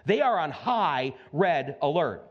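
Male pastor, high voice, swoops up and down, sermon, conversational, muffled recording. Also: takes it slowly. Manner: animated, conversational, acts out voices, keeps asking "okay?". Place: church sanctuary.

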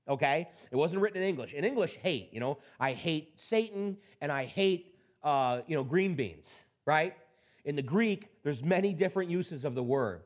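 A man's voice: on the high side, highs cut off. Conversational male pastor preaching. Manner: conversational, animated storytelling with laughs and asides. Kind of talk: sermon with scripture reading.

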